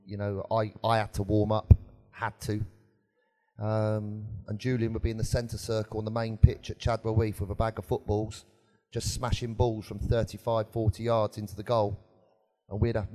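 A man's voice: fairly low pitch, level tone, moderate pace, warm tone. Man, former footballer, hesitant, fond, live Q&A guest. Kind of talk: live stage Q&A.

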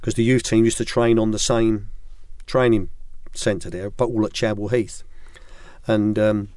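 A man's voice: on the low side, fairly even intonation, unhurried, a little mellow, no room sound. Older man telling rambling stories in a studio. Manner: rambling storyteller, many restarts and ums. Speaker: guest, former football academy director. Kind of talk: anecdotal interview chat.

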